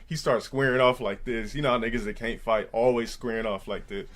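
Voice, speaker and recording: A man live streaming, telling a crude story in a loud, profane voice, jumping into high mocking voices to quote people. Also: fairly even intonation, a little fast.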